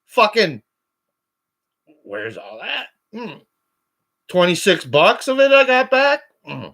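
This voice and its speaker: A man on a call-in show, ranting angrily and swearing constantly, his voice climbing toward shouts. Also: high-pitched, wildly swooping pitch, slow pace. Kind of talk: angry profane rant.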